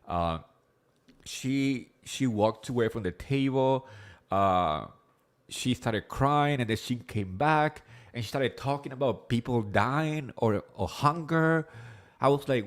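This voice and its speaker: A man with an accent hosting a casual live recap chat, rambling quickly with lots of fillers and swearing freely. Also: mid-range voice. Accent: non-native English accent. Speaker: host of a reality TV recap show.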